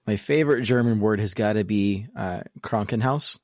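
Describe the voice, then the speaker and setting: A man's voice: fairly low pitch, unhurried, no room sound. A man co-hosting a podcast in casual chat, joking and teasing over a remote call setup. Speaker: podcast co-host.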